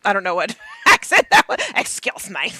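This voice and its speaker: A woman playing a cozy game and talking through it, playful and giggly, thinking out loud. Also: mid-range voice, wildly swooping pitch, a little fast, no echo. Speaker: gaming streamer. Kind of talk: casual gameplay commentary.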